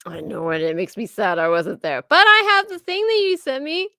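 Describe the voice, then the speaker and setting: A woman co-hosting a casual livestream chat, playful and teasing with quick reactions. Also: a little high, pushed and bright, dry recording, clean studio sound. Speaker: co-host.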